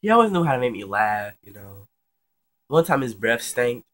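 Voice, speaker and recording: A man's voice: medium pitch, sing-song, normal speed, fairly bright tone. A young man casually telling a personal story, chatty and slangy with lots of swearing. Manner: chatty and slangy, swears freely, many fillers.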